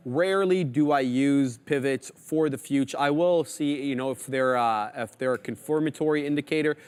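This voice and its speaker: A man co-hosting a live trading show, talking through charts in a relaxed, hesitant way with many fillers. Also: mid-range voice, normal speed, clear, resonant tone. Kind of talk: live market commentary.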